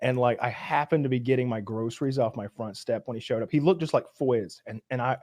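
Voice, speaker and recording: A man hosting a podcast who tells a story in an animated, ranting way and swears often. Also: mid-range voice, quick pace, no echo, studio quality. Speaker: podcast host. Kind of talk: casual storytelling chat.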